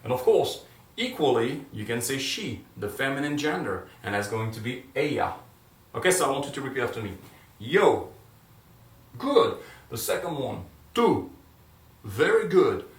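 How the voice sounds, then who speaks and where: A man's voice: medium pitch, animated, fairly quick. A man teaching a grammar lesson in a classroom, explaining step by step and checking in often with "right?" and "okay?". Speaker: Spanish teacher. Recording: echoey room, mic at a distance.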